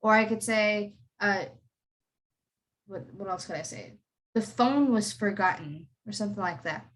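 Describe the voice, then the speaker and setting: Bright-voiced woman teaching pronunciation. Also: mid-range voice. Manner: repeats words slowly, asks students to echo them. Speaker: accent tutor. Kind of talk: online pronunciation lesson.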